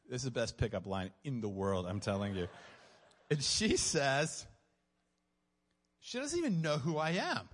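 A man tells a personal story from a stage, earnest one moment and poking fun at himself the next. His mid-pitched voice carries a long reverb from a large hall around him. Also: big pitch swings, a little slow, long pauses, husky. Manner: earnest, self-mocking, laughs at his own story. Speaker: speaker giving a testimony. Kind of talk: storytelling sermon.

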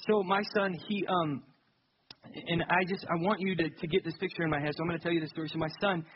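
A man's voice: a little high, steady tone, fast talker, slightly rough, dull audio. A young adult man preaching a sermon in a conversational, self-deprecating way that builds to emphatic peaks. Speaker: pastor.

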